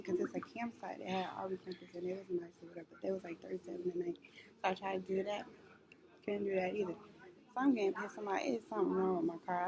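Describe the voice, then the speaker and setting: A young woman vlogger in casual chat to camera, rambling and animated, full of slang and fillers. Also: mid-range voice, vocal fry, low-quality recording.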